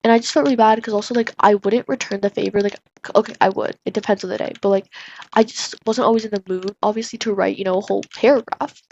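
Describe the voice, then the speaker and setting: Chatty woman with a gravelly voice. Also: medium pitch, steady tone, fast talker, a little mellow. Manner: chatty, rambling, full of "like" fillers. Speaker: vlogger. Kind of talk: casual storytime. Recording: dull lo-fi audio with faint hiss.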